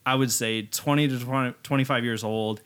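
Podcast guy cracking crude jokes, swears a lot, normal pitch. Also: fairly even intonation, fairly quick, a bit bright, clear, resonant tone. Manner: joking, crude banter. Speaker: podcast co-host. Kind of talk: casual podcast chat.

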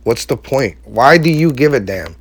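A man's voice: medium pitch, lively intonation, moderate pace, slightly rough, no echo. A man giving a heartfelt, casual motivational talk to his viewers, using slang and emphatic repetition. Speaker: vlogger speaking to his audience.

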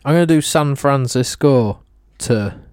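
A young man co-hosting a casual podcast, teasing his friend with quick-fire questions and calling him mate and bro. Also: mid-range voice, a little mellow, clear, resonant tone, dry recording, clean studio sound. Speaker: podcast co-host.

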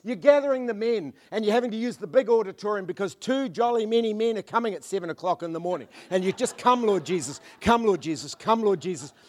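Man, high-pitched preacher; fervent, dynamic sermon delivery with quiet prayerful drops. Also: animated, fast talker, few pauses. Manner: swings from loud fervent declarations to hushed murmured prayer; mimics churchgoers in asides.

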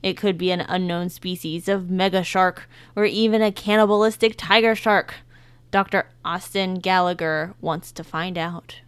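A woman's voice: lowish voice, fairly even intonation, moderate pace, clean tone, no room sound. A woman reading show blurbs aloud in casual chat, with playful joking asides.

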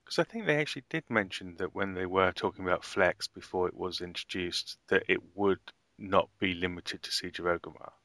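Man, deep voice, tense bright tone, dry close recording, chatty podcast co-host. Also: fairly quick, hardly any pauses, no echo. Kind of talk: casual gaming podcast chat.

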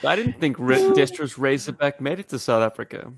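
A man co-hosting a podcast in casual chat, mixing wry teasing with an earnest appeal to listeners. He laughs often. His voice sits at an ordinary pitch and sounds dry and close, with no room around it. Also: sing-song, a little fast, vocal fry, breathy edge, no echo. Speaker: podcast co-host.

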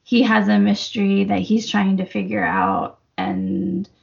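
Chatty woman with a gravelly voice. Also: mid-range voice, sing-song, a little slow, darkish tone, highs cut off. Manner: chatty, laughs often, lots of fillers. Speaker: book podcast co-host. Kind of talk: casual book discussion.

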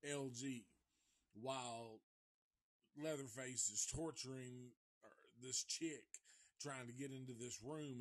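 A man casually recapping a movie live, rambling and profane, and chuckling often as he goes. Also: mid-range voice. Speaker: movie reviewer.

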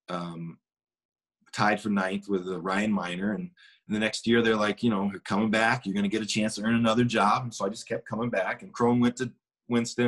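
A middle-aged man, a former baseball player, casually telling a long anecdote with restarts and quoted dialogue. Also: lowish voice. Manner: rambling, with many restarts and acted quotes.

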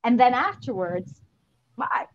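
A woman's voice: fairly high pitch, very animated, takes it slowly, no room sound, muffled recording. A woman guest in a casual panel discussion, stammering on restarts as she reasons her points through. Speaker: podcast guest.

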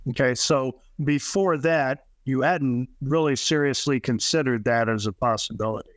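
A man hosting a podcast, calmly asking short probing questions. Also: mid-range voice, moderate pace, no room sound, studio quality. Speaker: podcast host interviewer. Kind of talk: interview questions.

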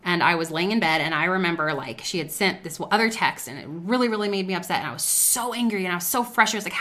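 A woman's voice: fairly low pitch, fast talker, sharp tone. A woman hosting a faith-based business talk, speaking earnestly and conversationally and sharing personal stories. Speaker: podcast host.

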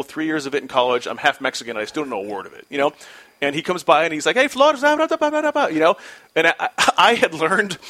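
Animated man telling a story. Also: a little high. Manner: animated, lots of restarts. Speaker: guest, former pitcher. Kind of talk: casual storytelling.

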